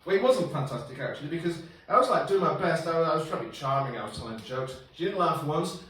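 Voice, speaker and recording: A man's voice: a little high, animated, fast, a bit bright. Rambling stand-up man, echoey pub room. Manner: rambling, self-deprecating, acts out dialogue. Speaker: stand-up comedian. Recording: roomy echo from far off.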